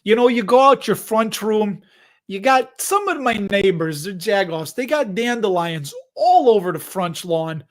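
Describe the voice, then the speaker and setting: A man's voice: high-pitched, animated, a little slow. A man voicing a blunt, slangy Chicago neighborhood guy with a Chicago accent, ranting in a rambling way. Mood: grumbling.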